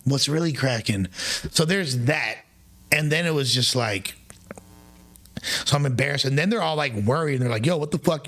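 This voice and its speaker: Young male streamer, profane, rambling, slangy, mid-pitched voice. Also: fairly bright tone. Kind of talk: casual livestream storytelling.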